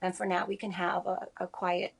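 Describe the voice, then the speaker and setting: A grieving woman in her forties giving a remote interview over a video call, speaking softly and haltingly with many pauses. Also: fairly low pitch, level tone, gravelly, slightly rough. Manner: halting, soft-spoken, many pauses and fillers. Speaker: interview guest.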